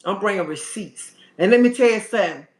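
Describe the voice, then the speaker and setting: A livestream host with a high voice, lively intonation and brisk delivery rants sassily at his viewers. He stresses his points, calls them "honey" and asks "okay?", all in a room with audible echo.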